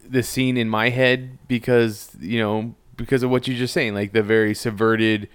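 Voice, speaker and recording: Smooth-voiced man in casual chat. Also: mid-range voice, flat delivery, normal speed. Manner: rambling, self-correcting, laughs often. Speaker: podcast co-host.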